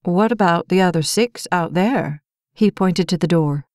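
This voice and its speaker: A woman with a lower-pitched voice reads a novel aloud as an audiobook narrator. She voices each character's lines herself without changing her voice much. The recording is dry and close, with no room sound. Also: unhurried, a little mellow, dry recording. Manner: reads all characters' dialogue in her own voice. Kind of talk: scripted narration.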